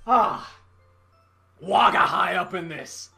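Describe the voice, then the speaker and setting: A man streaming a video game, commentating live and cheering and shouting at the screen. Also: high-pitched, a little slow, creaky, soft background music. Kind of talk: excited live gameplay commentary.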